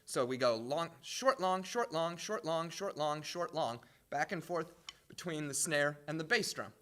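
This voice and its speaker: Man, high pitch, music professor, instructional lesson, patient clear explaining. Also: pushed and bright. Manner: clear, patient explaining with sung drum patterns.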